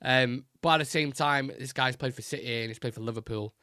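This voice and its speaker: Chatty man, bright tone. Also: medium pitch, a little fast, no echo, studio quality. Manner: chatty, thinks aloud with fillers and restarts. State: voice keeps going. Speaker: host of a live football fan show. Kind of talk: casual live-stream chat.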